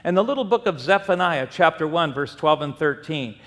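A man's voice: a little high, fairly quick. A middle-aged man preaching a sermon, telling stories and acting out the voices in them. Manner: animated storytelling, acting out voices. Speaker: pastor. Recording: long hall reverb.

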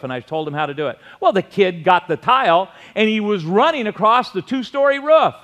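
A middle-aged man preaching a sermon as pastor, telling stories in an animated way with shouted asides. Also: high-pitched, moderate pace, few pauses.

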